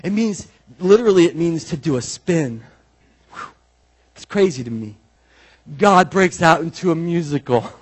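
A man preaching a sermon as pastor, animated and conversational, with many asides and repeated phrases. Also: high voice, normal speed, husky.

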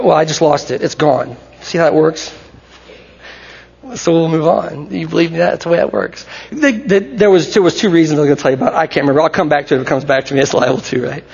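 A man with a high, gravelly and husky voice delivers a sermon in a lively, chatty way. The sound is dull and muffled, with a long hall reverb trailing after each phrase. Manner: animated, conversational, acts out crowd shouts. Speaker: pastor.

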